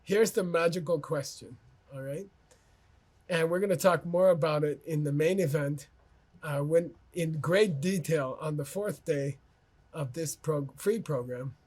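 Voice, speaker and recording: A man's voice: on the high side, measured pace, darkish tone, breathy edge. A man teaching an online course in a conversational manner, telling anecdotes about himself and often checking in with "okay?" and "you know".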